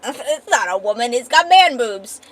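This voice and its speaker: A woman's voice: a little high, big pitch swings, moderate pace. A woman streamer in casual live-stream chat, trading profane, playful mock-angry banter.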